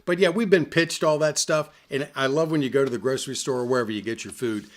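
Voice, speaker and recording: A man's voice: medium pitch, quick pace. A man co-hosting a podcast in casual chat, wry and easygoing with dry jokes. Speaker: podcast co-host.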